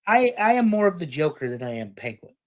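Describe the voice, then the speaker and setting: A man co-hosts a relaxed panel chat in a lively, jokey way. His pitch jumps around a lot, rising into excited bursts before dropping back to quiet asides. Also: brisk. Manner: animated, jokey, swings loud and quiet. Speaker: podcast co-host.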